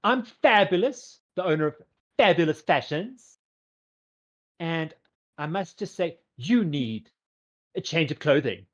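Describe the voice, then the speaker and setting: A man's voice: a little high, expressive, muffled recording, pitched above the performer's own voice. Man doing a gushing flamboyant fashion boutique owner. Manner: theatrical, drawn-out, fussing over everyone.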